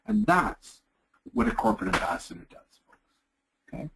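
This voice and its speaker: A middle-aged man with a Canadian accent giving a chatty leadership presentation, acting out quotes in lively voices. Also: medium pitch, moderate pace, vocal fry, noisy background. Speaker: leadership speaker. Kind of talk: webinar presentation.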